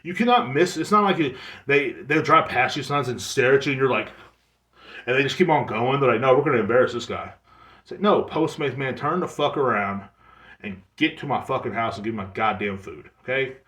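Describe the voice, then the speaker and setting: A man hosting his own podcast, ranting in a profane, exasperated comedic monologue with quick mimicked asides. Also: medium pitch, expressive, a bit bright, reverberant. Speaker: podcast host. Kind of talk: solo comedic rant.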